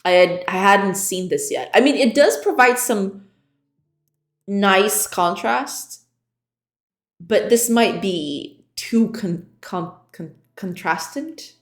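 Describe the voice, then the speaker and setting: A woman with a mid-range voice speaks slowly, a game developer streamer chatting casually with her viewers. She giggles often and reads chat aloud, with roomy echo and faint background music in the recording.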